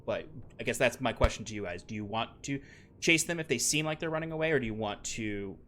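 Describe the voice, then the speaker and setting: A man in the game master's seat guides a tabletop session with a mid-range voice and a relaxed, halting delivery. He fills his pauses with "um" and often restarts his sentences. A faint hum of ambience sits behind him. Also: medium pitch. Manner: easygoing, halting, many fillers and restarts. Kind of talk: running a tabletop game, casual chat.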